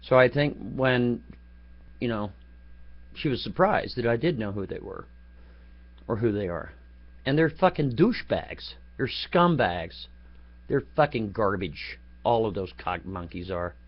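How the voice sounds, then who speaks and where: A man's voice: fairly low pitch, expressive, unhurried. A man telling a rambling, profane story in a rant, laughing at his own jokes. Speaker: vlogger. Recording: dull lo-fi home recording.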